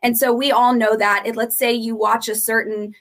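A woman guest teaches on a podcast in a slightly raised voice. She lays out her points in a steady, earnest way and circles back to stress them. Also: on the high side, normal speed. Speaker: ministry founder, guest.

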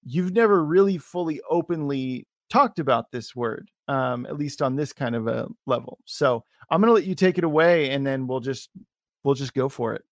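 A man's voice: mid-range voice, moderate pace, dry recording, clean studio sound. A man hosting an interview show, chatting casually and enthusiastically.

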